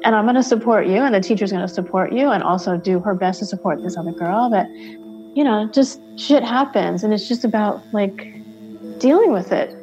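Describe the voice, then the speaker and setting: A woman's voice: mid-range voice, normal speed, darkish tone, faint music behind. A woman telling her own story candidly as an interviewed parent, animatedly acting out quoted dialogue with many fillers. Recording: dull, muffled sound.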